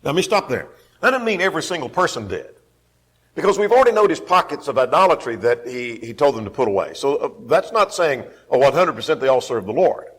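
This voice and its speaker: A man's voice: medium pitch, big pitch swings, quick pace, breathy edge. A man teaching a Bible class, emphatic, repeating key phrases and putting questions to the class.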